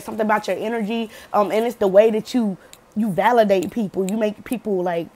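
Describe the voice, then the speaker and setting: A woman doing a casual pick-a-card tarot reading, slangy and profane, checking in with the viewer and laughing often. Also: a little high. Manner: slangy, cusses freely, laughs often, acts out quotes loudly; says "okay?" often to the viewer.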